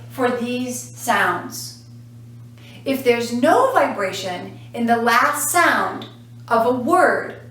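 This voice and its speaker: A woman's voice: on the high side, a bit bright. A woman teaching English pronunciation in a lesson, speaking patiently and repeating each sound to model it. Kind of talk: classroom lesson to camera. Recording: echoey room, voice from a distance.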